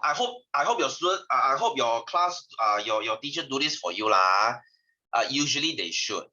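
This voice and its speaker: A man's voice: mid-range voice, very animated, moderate pace, bright, forceful tone. A man with a Singaporean English accent teaching a science class over a video call, chatty and teasing his students, often ending sentences with "lah". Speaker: science tutor. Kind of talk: online class lesson. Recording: dull lo-fi video call audio.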